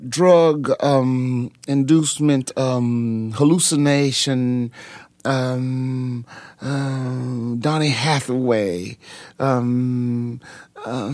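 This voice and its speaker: An older man, a pastor, telling his story in an interview with fervent, preacher-like feeling and many halting fillers. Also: medium pitch, no echo.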